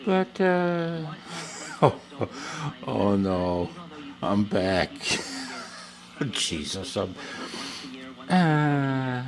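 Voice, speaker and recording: A man's voice: medium pitch, big pitch swings, extremely slow, pauses often. A man in a home workshop chatting to camera in a rambling, self-mocking way while filing metal, sometimes a little out of breath. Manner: self-mocking, wandering asides. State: slightly out of breath. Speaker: ham radio hobbyist. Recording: faint background noise with filing and clicks.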